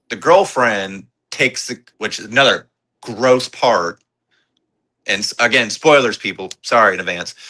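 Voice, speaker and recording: A man's voice: lowish voice, pushed and bright, poor audio. A man co-hosting a podcast, chatting casually about a horror film and mimicking characters' reactions. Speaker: podcast co-host. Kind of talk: casual movie review chat.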